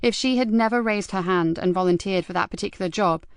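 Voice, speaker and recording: A woman reading an audiobook as the narrator, in a measured, even storytelling manner. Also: mid-range voice, clear, resonant tone, dry recording, clean studio sound. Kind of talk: scripted narration.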